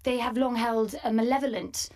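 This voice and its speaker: Young Scottish-born actress, crisp English accent, higher voice, lively and quick to laugh. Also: female voice. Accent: crisp southern English with faint Scottish. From Scotland. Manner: lively, laughs often, quick enthusiastic replies. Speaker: actress guest. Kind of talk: interview chat.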